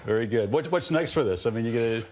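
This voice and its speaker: Fast-talking male interviewer. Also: mid-range voice, expressive. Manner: upbeat, prompting questions. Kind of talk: casual interview.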